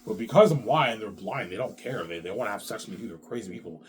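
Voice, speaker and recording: Rambling profane man, low voice, faint noise. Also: animated, fast talker. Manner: quotes others in brief put-on voices. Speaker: show host. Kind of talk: rambling monologue.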